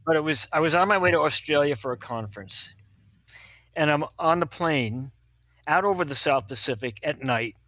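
An older man, a pediatrician, telling funny stories in an animated way and acting out the people in them. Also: a little high, normal speed, no room sound. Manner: animated, acts out other people's voices, laughs at his own stories. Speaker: guest, pediatrician. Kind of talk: anecdotal storytelling.

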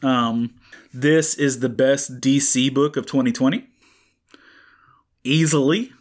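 Male podcast co-host, slightly raspy, loose rambling delivery full of fillers. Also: mid-range voice, takes it slowly. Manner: rambling, many fillers and restarts. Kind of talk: casual comic book chat. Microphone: studio microphone.

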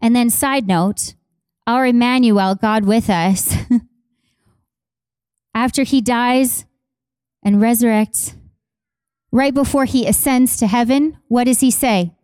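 Passionate woman pastor with a mellow voice. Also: on the high side, slow, pauses often, clean tone, dry recording, clean studio sound. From Canada. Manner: passionate, repeats phrases for emphasis, conversational asides to congregation. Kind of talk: sermon. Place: church.

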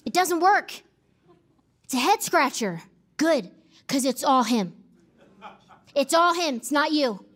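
A woman's voice: high-pitched, very animated, slow, pauses often, a bit bright. A woman pastor preaching a sermon, emphatic and repeating key phrases for effect.

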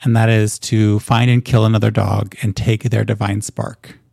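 Creaky-voiced man running a tabletop game. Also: on the low side, no room sound, studio quality. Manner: relaxed, halting narration with fillers. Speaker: game master.

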